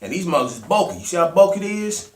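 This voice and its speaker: A young man with a Maryland accent chats in relaxed slang, calling his viewers family. His voice sits a little high, and the room adds a noticeable echo. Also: quick pace. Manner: laid-back slangy, calls viewers family. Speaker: mukbang vlogger. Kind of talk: casual eating vlog.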